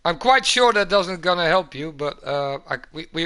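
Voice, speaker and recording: Bright, high man chatting. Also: animated, smooth. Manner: halting, repeats words, says man a lot. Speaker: streamer. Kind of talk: casual chat with players.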